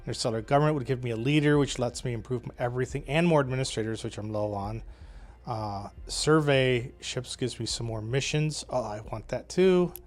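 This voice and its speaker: A man's voice: mid-range voice, brisk. A man playing his own strategy game and giving casual commentary as he thinks aloud, wry and chatty with frequent hesitations and short laughs.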